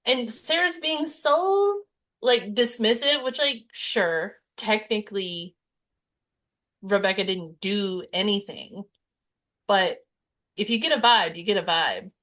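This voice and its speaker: A young woman co-hosting a podcast, chatting casually and retelling movie scenes with quick quoted voices. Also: mid-range voice, lively intonation, fairly bright tone. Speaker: podcast co-host. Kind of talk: casual chat about a movie.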